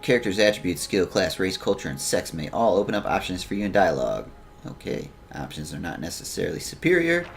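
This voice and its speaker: Deep gravelly man playing a game. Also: very animated, a little fast, slight background noise. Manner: joking, self-mocking asides while reading game text aloud. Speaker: gaming YouTuber. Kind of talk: let's play commentary.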